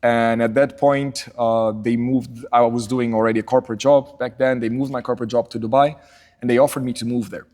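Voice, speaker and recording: Middle-aged guy from portugal, quick chatty storyteller, does voices for the people in his stories. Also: mid-range voice. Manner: animated storyteller, acts out quotes in raised voices. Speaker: podcast guest. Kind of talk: casual storytelling interview.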